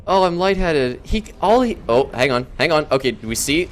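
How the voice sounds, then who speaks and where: A man casting a strategy video game match, who gets loud and excited at big moments. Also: a little high, moderate pace, slight background noise. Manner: excitable, shouts and laughs at big plays. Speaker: game caster. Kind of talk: esports commentary.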